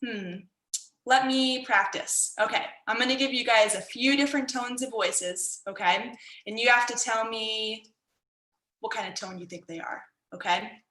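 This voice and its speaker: A woman's voice: a little high, measured pace, sharp tone, reverberant, rough recording. A woman martial arts instructor teaching an online workshop for kids in an upbeat, encouraging way, over a video call.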